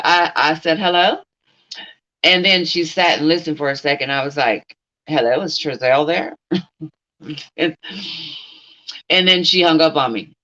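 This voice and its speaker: A woman's voice: sits low, fairly bright tone, dull audio. Blunt, outspoken woman on a livestream. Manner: blunt, talks straight at an absent person, answers chat. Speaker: livestream host. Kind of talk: casual livestream commentary.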